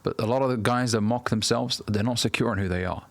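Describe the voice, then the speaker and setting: A man's voice: medium pitch, quick pace, dry recording. A man in his thirties giving blunt, profane self-improvement advice straight to the camera as a coach. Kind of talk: direct-to-camera advice talk.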